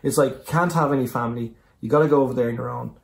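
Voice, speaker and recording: A man from Ireland, a comedian guest telling anecdotes in casual chat, animated and swearing freely. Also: medium pitch, rapid-fire, gravelly. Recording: echoey room.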